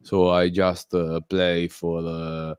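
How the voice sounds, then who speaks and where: Low, slow Italian-accented man. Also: little pitch movement, a little mellow, clear, resonant tone, no room sound, clean studio sound. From Italy. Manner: halting, many fillers and restarts. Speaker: guest caller on a community stream. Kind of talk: casual chat.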